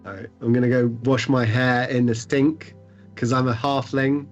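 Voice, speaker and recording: A man's voice: mid-range voice, level tone, moderate pace, faint music behind. A man playing a tabletop game, describing his actions in a rambling, jokey way. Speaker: player. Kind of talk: tabletop game play, casual chat. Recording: muffled lo-fi stream audio.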